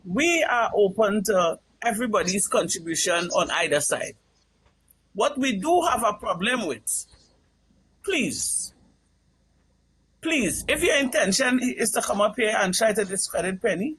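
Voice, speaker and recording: A man co-hosting a live stream, firm and deliberate as he states where the platform stands. His voice is high for a man, with a light hiss of noise behind it. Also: expressive, fairly bright tone, poor audio. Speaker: co-host. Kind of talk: live-stream panel talk.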